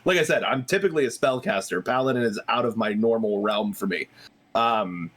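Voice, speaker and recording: Bright-voiced man, laughing a lot. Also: lowish voice, brisk, husky. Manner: laughs often, excited. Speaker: player. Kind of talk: casual chat about tabletop characters.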